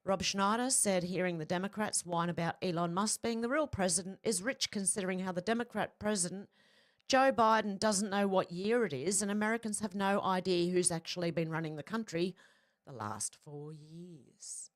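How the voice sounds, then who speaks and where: An Australian political commentary vlogger with a slightly low voice reads social media posts one after another in a casual, blunt way. She swears freely and cuts in mid-sentence with quick asides of her own.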